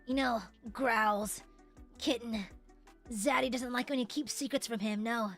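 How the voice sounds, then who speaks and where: A woman voicing a flirty, deep-voiced "zaddy" man who growls and claims to be turning into a werewolf, teasing and drawn-out. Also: fairly even intonation, a bit bright, faint music behind.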